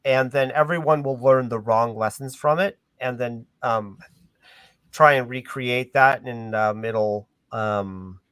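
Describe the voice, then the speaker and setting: A man's voice: mid-range voice, slow, a bit bright, clean tone, no room sound. A man hosting a casual discussion on a call, hesitant and full of ums and restarts. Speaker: host.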